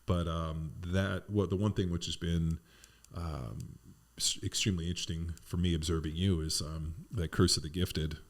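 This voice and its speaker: This is a man hosting a casual podcast conversation, his voice sitting very low. He speaks loosely and rambles, stopping and starting with fillers and dropping casual profanity as he goes. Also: steady tone, moderate pace, few pauses. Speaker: podcast host and strength coach.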